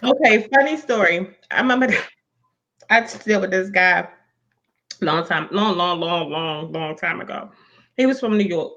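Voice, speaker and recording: A woman's voice: lowish voice, a little slow. A woman hosting a casual podcast, chatting in slangy speech and acting out quotes as she tells stories. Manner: animated storyteller, slangy, acts out quotes. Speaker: podcast host. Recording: dull lo-fi sound.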